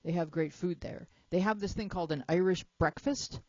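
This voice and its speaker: A woman's voice: on the low side, a little fast, a little mellow, dry recording, lo-fi sound. A woman hosting a talk show in a chatty, playful way, jet lagged and joking with her young panel. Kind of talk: casual chat.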